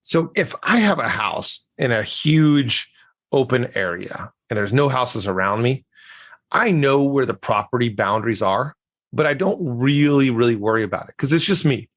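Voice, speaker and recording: A man who is a communication coach, answering interview questions on a podcast and telling stories with acted-out dialogue. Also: normal speed. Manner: storytelling, acts out quoted dialogue with lively jumps in pitch.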